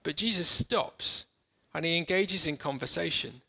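A man preaches a sermon and guides his listeners through an imagination exercise, sounding earnest and halting as he restarts often, slowing and softening for the imagery. His voice sits on the high side with lively intonation and some vocal fry, over slight background noise.

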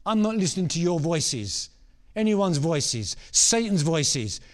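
A man's voice: on the high side, sing-song, slow pace. A man voicing a fervent young woman surrendering. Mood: devoted. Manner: fervent, rising to shouts.

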